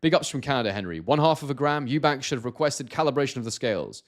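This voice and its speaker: Guy from scotland chatting on a live stream, mid pitch, lots of ums and restarts. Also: lively intonation, fast. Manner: hesitant, many fillers and restarts. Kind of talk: casual live-stream chat, reading viewer comments.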